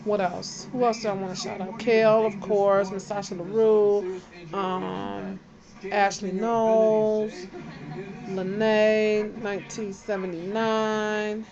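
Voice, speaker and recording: A woman's voice: mid-range voice, level tone, slow pace, highs cut off, crowd noise. A woman vlogging in casual chat, talking to her viewers and greeting them one by one. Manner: chatty, shouts out viewers one by one.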